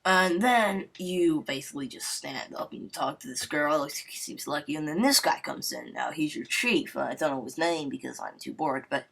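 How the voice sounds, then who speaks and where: A man's voice: fairly high pitch, lively intonation, moderate pace, vocal fry, hardly any pauses, bright, forceful tone. A man narrates a casual game review over footage. He wisecracks and wanders off track, with a loose, irreverent, rambling delivery full of fillers. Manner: rambling, joking, full of "I mean, you know".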